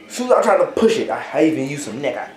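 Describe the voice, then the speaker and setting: This young vlogger talks to the camera in an echoey room, rambling through a casual story packed with fillers and frequent "right?" tags. His voice is fairly high and darkish, with big pitch swings, and he speaks very fast.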